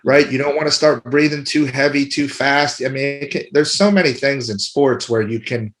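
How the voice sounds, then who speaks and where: Man, middle-aged, podcast guest, casual, repetitive, rambling, warm, mid-pitched. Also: normal speed. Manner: warm-hearted, rambling, repeats himself. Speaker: podcast guest, arm wrestler.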